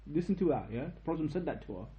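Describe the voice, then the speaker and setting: A young man giving an informal religious lecture, telling a story with lively asides and checking questions to his listeners. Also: on the high side, quick pace, roomy sound, dull audio. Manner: animated storytelling, tag questions, quotes in Arabic. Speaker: teacher of a history lesson.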